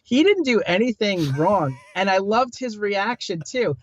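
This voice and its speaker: Man, relaxed movie chat, a bit high-pitched, dull lo-fi dry audio. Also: measured pace. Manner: conversational, hesitant restarts, laughs easily. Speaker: film review co-host. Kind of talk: casual film discussion.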